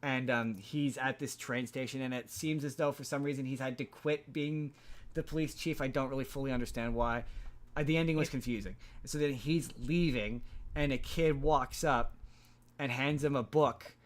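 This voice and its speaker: A man's voice: mid-range voice, fairly even intonation, moderate pace. A man hosting a podcast, recapping a movie plot in a loose, rambling way with many restarts. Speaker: podcast host.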